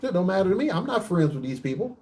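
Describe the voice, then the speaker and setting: A man hosting his own vlog, ranting in a casual monologue that is preachy, profane and emphatic, with rapid bursts and frequent restarts. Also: high-pitched, sing-song, warm tone. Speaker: vlog host.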